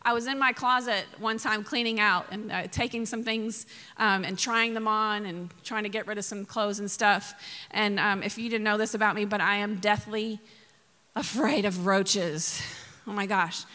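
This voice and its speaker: A woman's voice: medium pitch, fairly even intonation, normal speed, sharp tone, in a large hall. A woman pastor from Mississippi preaching a sermon, telling funny stories with laughs and sudden emphatic bursts.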